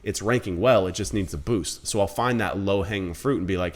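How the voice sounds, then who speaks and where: A man's voice: low voice, brisk, few pauses, a little hiss or hum. A man in his thirties giving a casual screen-recorded marketing tutorial, blunt and conversational, calling viewers guys. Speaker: marketing instructor.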